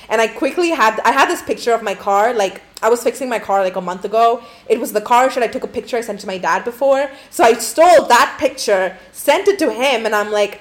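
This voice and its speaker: A woman's voice: on the high side, expressive, brisk. Young woman host, casual profane storyteller, rambling and candid, filler-heavy delivery. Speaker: podcast host.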